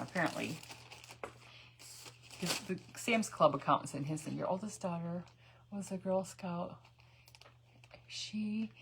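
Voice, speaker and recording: A woman's voice: on the low side, fairly bright tone, a little hiss or hum, low-quality recording. A middle-aged woman hosting a crafting live stream, telling rambling stories and laughing often as she greets viewers. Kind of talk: chatty storytelling while dyeing eggs.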